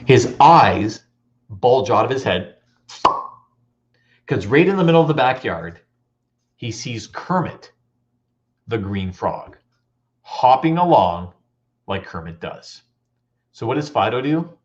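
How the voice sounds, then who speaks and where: Animated man giving a school motivational talk. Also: medium pitch, slow pace, long pauses. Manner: animated, storytelling, audience questions. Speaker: motivational speaker. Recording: dull lo-fi recording.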